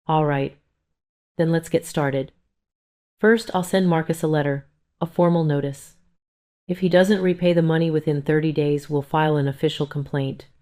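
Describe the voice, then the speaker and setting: A woman reading the lines of a calm, businesslike male family lawyer. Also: low voice, lightly acted. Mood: reassuring. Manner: measured, reassuring, businesslike.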